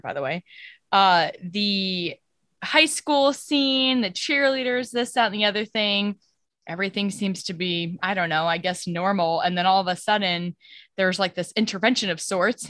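A woman's voice: medium pitch, a bit bright, no echo, studio quality. A young adult woman co-hosting a casual podcast, rambling through a plot summary with many fillers and restarts. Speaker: podcast co-host. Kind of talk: casual chat.

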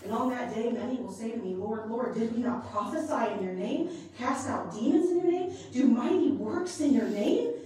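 Fervent woman preacher with a high voice, heard from afar in a booming hall; testimony sermon. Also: lively intonation, moderate pace, far from the mic, slight background noise. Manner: impassioned, rising from hushed to loud and fervent. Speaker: women's ministry leader preaching. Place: large conference hall. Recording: echoey hall, recorded from afar.

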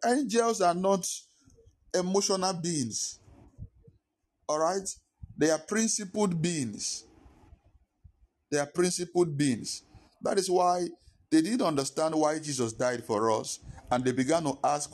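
A man's voice: a little high, measured pace, long pauses. A male pastor preaching a sermon, emphatic and repeating his points. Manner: emphatic, repetitive teaching.

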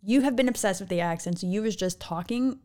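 A woman's voice: medium pitch, fast, darkish tone. A middle-aged woman, the vlogger's mother, chatting casually and backing her daughter up emphatically. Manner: supportive, emphatic, frequent "right". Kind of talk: casual chat.

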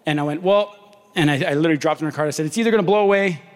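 Young male pastor, slightly high voice, animated storytelling sermon in a reverberant hall. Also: very fast. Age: young adult. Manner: animated, acts out dialogue in story.

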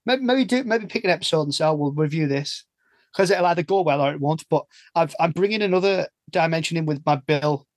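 English male podcast host, rambling chatty delivery, a bit high, dry close sound. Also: a little fast, dry recording. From England. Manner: chatty, rambling, self-interrupting. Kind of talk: casual chat.

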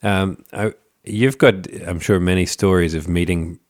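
A man interviewing a guest, halting and searching for words with many fillers. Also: low-pitched, fairly even intonation, no room sound, studio quality. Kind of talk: conversational interview.

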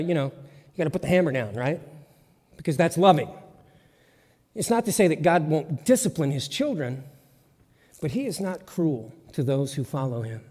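A man's voice: fairly high pitch, warm tone. A man preaching a sermon as pastor, in an emphatic, conversational way with lots of repetition. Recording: long church reverb.

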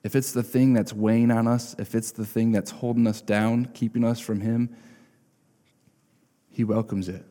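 Conversational pastor preaching in a reverberant hall. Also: male voice, mid-range voice, level tone, moderate pace, dark tone. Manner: conversational, keeps asking "right?". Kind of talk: sermon.

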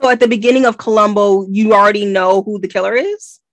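An American woman co-hosting a casual book-club podcast, animated and nitpicky with lots of rambling asides. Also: medium pitch, fast talker, no echo. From United States. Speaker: podcast co-host.

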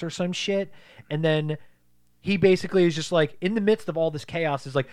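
A man's voice: on the high side, a little fast, clean tone, no room sound. A man co-hosting a casual podcast movie review, talking animatedly, swearing and acting out lines from the film. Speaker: podcast co-host.

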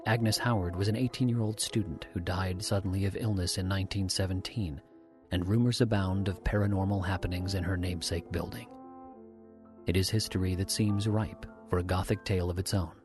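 A man giving calm, scripted documentary narration. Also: low-pitched, brisk. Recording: faint music underneath.

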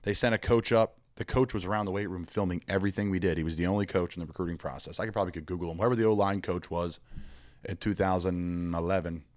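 A young adult man who plays pro football tells stories as a guest in an animated conversation, rambling energetically and acting out the voices he quotes. His voice sits low, his pace is quick, and there's no echo.

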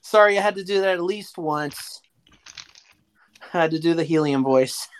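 A man talks as a guest on a relaxed podcast. He sounds easygoing and polite, and he often hesitates and fills pauses as he answers. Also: a little high, clear, resonant tone. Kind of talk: casual podcast chat.

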